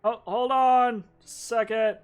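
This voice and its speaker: Small fussy shopkeeper, put on by a man, high and hurried, curt when giving orders. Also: level tone, clean tone, soft background music. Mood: flustered. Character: small flustered shopkeeper who turns bossy.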